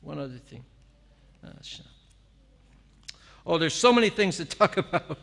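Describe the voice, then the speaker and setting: A man with a fairly high, bright, forceful voice delivers an animated devotional talk to a gathering. He speaks with lively exclamations and easy laughter. His words ring out with a long reverb in a temple hall. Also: moderate pace, vocal fry.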